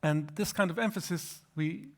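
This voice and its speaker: Halting male lecturer explaining slides. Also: on the high side. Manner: explanatory, halting with frequent restarts. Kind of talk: academic lecture.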